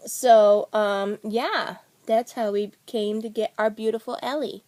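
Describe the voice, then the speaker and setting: A middle-aged woman chatting to camera in a loose, rambling way, full of ums and restarts. Her pitch sits in the middle, and the sound is dry and close with no room echo. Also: measured pace. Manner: rambling, many fillers and restarts. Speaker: vlogger. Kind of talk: casual storytelling to camera.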